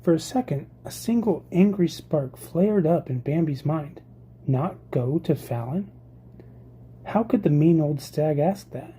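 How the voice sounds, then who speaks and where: A reader narrating a classic novel chapter as an audiobook, with a steady storytelling delivery. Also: mid-range voice, measured pace, a little hiss or hum. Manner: steady storytelling read, occasional slips. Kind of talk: scripted narration.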